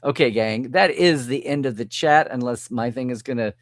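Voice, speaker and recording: A man's voice: mid-range voice, normal speed, no echo. Male live-stream host, casual, answers chat, dry close sound. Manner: chatty, reads and answers comments, chuckles often.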